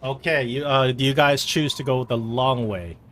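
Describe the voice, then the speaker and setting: A man narrating as game master of a tabletop game, halting with many restarts and fillers. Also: mid-range voice, fairly bright tone.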